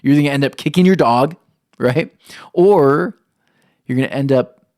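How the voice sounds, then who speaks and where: A man's voice: mid-range voice, normal speed, darkish tone, no echo, clean studio sound. A young adult man preaching a sermon, earnest, putting questions to his listeners. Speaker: pastor.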